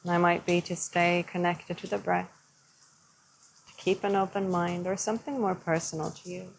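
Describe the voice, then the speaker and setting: A young adult woman teaching yoga, guiding breathing in a slow, gentle, soothing way. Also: on the low side, steady tone, gravelly, a little hiss or hum, rough recording. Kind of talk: guided yoga instruction.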